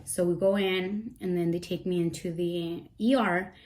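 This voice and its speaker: A young woman tells a personal story to her camera, her voice a little low for a woman. She rambles and circles back, teary and emotional, yet keeps talking to her viewers. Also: steady tone, moderate pace, darkish tone. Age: young adult. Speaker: vlogger. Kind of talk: storytime vlog.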